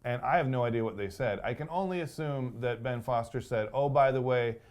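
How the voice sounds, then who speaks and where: A man's voice: medium pitch, animated, a little fast. A man guest co-hosting a movie review show, chatting casually with dry, sarcastic jokes. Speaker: guest co-host. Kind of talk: casual chat.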